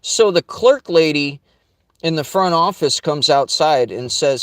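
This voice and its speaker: A man recounts a personal story in a rambling, blunt way, swearing often and tripping over his own sentences. His voice sits a touch higher than most men's. The sound is dry and close, with no room around it. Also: animated, unhurried, a bit bright, dry recording. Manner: blunt, profane, rambling with restarts. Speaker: vlogger. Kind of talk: casual storytelling.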